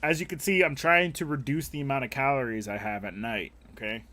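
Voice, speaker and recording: A man's voice: medium pitch, fairly even intonation, brisk, bright, forceful tone. A young man streaming a game, chatting casually with viewers in a rambling, profane, opinionated way. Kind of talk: casual live-stream chat while gaming.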